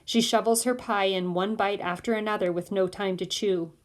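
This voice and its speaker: Woman reading a chapter book out loud, steady first-person storytelling. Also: mid-range voice, normal speed. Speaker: audiobook reader. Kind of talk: first-person novel narration.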